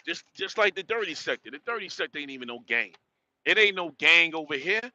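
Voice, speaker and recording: A man's voice: fairly high pitch, animated, fairly quick, sharp tone, highs cut off. A man in his late forties from northern New Jersey, ranting emphatically in street slang while livestreaming from his truck cab. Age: 40s. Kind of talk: casual livestream rant.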